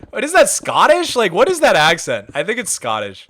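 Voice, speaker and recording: A man's voice: high voice, wildly swooping pitch, moderate pace, few pauses, a bit bright. A man chatting casually on a livestream, chatty and enthusiastic, rambling as he goes. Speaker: streamer.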